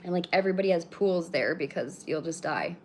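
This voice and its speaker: Answering viewers on her live stream, a thirtysomething woman from British Columbia, Canada, talks with a fairly low, darkish, animated voice at a brisk clip. She's casual and rambling, blunt, and swears without restraint. Some slight hiss or hum is audible.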